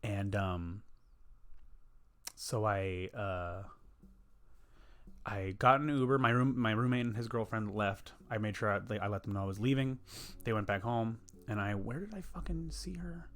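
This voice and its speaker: A man's voice: on the low side, normal speed, pauses often, fairly bright tone. A young man, telling a rambling, profane story in a casual podcast chat. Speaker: podcast host.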